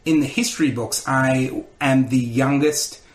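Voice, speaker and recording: Man, thirties, animated storyteller, roomy room sound. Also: medium pitch, a little slow. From Australia. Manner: animated storyteller who acts out quotes. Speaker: comedian and radio host, podcast guest. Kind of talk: casual interview storytelling.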